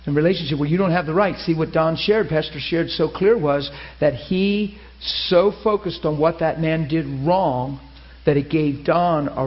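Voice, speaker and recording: A man preaching a sermon in an animated storytelling way, laughing through funny asides. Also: a little high, dull audio. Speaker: pastor.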